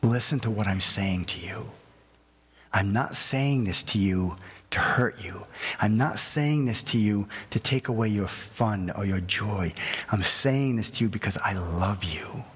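A man voicing God as a tender male speaker, in a soft, hushed whispered role-play, with long hall reverb. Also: fairly low pitch, unhurried, husky, pitched below the performer's own voice.

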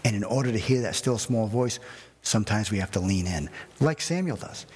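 A man preaching a sermon as pastor, animated and conversational, with personal asides. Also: fairly low pitch, a little fast, breathy edge, big-room sound.

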